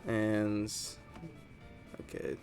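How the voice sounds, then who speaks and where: A gaming channel host gives casual gameplay commentary, rambling and chatty as he tells stories while playing. His lowish voice is monotone and a little mellow with drawn-out words, and faint music plays behind him.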